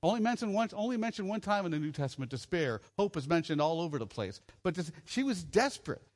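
A man's voice: on the high side, sing-song, quick pace. A middle-aged man giving a conversational sermon, joking and asking his listeners questions as he goes. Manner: conversational, jokey, asks the audience questions. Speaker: preacher at a children's home gathering.

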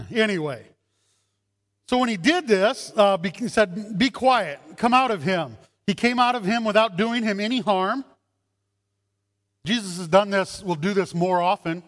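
A man preaching a sermon as a pastor, animated, acting out voices in his stories. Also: high-pitched. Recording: long hall reverb.

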